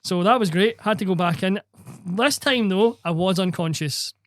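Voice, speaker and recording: A young Scottish man telling a sweary, animated story as podcast co-host. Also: high voice, normal speed, no room sound, clean studio sound. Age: young adult. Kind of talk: casual chat.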